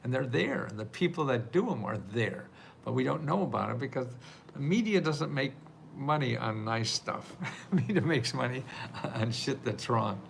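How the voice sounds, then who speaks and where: A man's voice: medium pitch, animated, moderate pace, creaky, slight background noise. An older man hosting a live video stream, answering viewer questions in a chatty, rambling way and laughing often. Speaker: livestream host answering viewer questions about grants. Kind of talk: casual live Q&A.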